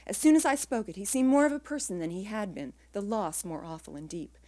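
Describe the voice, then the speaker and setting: Woman reading her own fiction aloud, quiet and measured, mid-pitched voice, lets lines fade at the ends. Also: sing-song. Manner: quiet, measured delivery that trails softly at phrase ends. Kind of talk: reading literary prose aloud.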